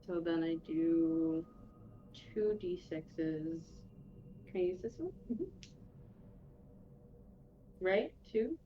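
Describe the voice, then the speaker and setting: Slow-talking woman playing a tabletop game. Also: lowish voice, lively intonation, muffled recording, slight background noise. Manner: unhurried, tentative questions. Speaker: player. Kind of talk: casual tabletop game talk.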